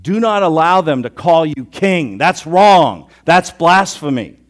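A man voicing indignant male Pharisee leaders who loudly demand that the praise be stopped. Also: a little high, animated, measured pace, pitched above the performer's own voice. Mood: indignant, commanding. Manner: loud commanding scolding.

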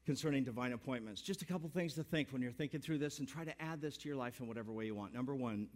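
A middle-aged male pastor giving a sermon, telling folksy stories with jokes and building to emphatic exhortation. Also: mid-range voice.

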